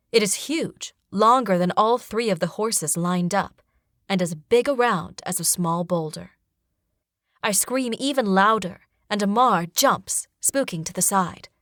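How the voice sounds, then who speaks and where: A woman with a mid-range voice narrates a first-person fantasy novel as an audiobook narrator, reading expressively and dramatically. She is recorded dry on a close studio mic.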